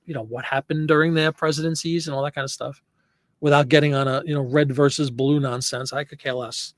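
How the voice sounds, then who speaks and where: A man's voice: fairly high pitch, fairly bright tone, dry recording, clean studio sound. A man hosting a casual live stream, chatting loosely and answering viewer comments as he rambles. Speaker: host.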